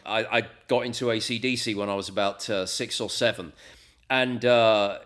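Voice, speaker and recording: A man from Essex with an English accent, a radio presenter chatting casually as an interview guest, animated and full of quick asides. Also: on the low side. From England (Essex). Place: home in the US, remote call.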